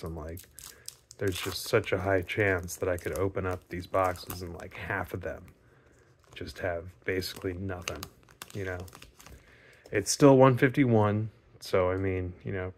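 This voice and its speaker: A man's voice: on the low side, gravelly, a little hiss or hum. A man casually commenting as he opens trading card packs, chatty and laid-back with joking asides. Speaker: card-opening video host. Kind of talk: casual pack-opening commentary.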